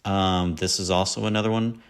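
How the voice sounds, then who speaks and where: This podcast host talks alone and casually about movies in a low, steady voice that's brisk and clean. He rambles, mocks himself about the films he loves, and drops quoted lines as he goes.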